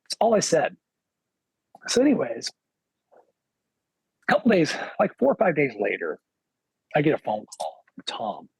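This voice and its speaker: A man, a guitarist guest on a podcast, telling a casual anecdote in an animated way, acting out what other people said with lots of "he goes.". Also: on the high side, normal speed, creaky, long pauses, slightly rough, dry recording, low-quality recording. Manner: animated, quotes others with "he goes" and acts their lines; loose filler-heavy phrasing.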